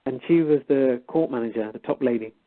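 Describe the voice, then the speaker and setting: A man's voice: mid-range voice, a little fast, phone-quality sound, background noise. Guy telling a story over a phone-ish line, acts out who said what. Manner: animated retelling, acts out both sides of dialogue. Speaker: guest storyteller. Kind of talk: casual storytelling on a call.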